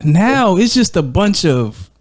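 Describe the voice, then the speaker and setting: A man co-hosting a podcast, chatting casually and telling animated, profanity-laced stories with frequent laughter. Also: high-pitched, slow, dry recording, clean studio sound. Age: adult with a young daughter. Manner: animated storytelling, heavy profanity, laughs often. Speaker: podcast co-host. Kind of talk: casual chat.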